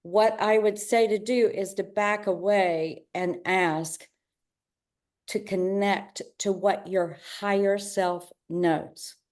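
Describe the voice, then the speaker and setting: A woman interview guest talking about business and telling a personal story with spirit, often rushing ahead in quick bursts and acting out bits of dialogue. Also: medium pitch, fairly even intonation, darkish tone. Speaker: guest, business owner and artist.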